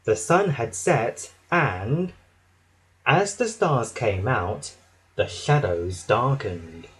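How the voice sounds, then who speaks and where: A man narrating a children's storybook with an expressive, dramatic reading. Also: mid-range voice, drawn-out words, breathy edge.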